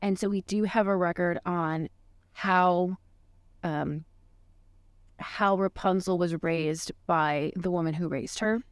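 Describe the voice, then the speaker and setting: A woman co-hosting a podcast, telling a made-up case in a mock-serious, deadpan way. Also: fairly low pitch, slow, smooth, no room sound, clean studio sound. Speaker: podcast co-host presenting a case. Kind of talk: casual podcast chat.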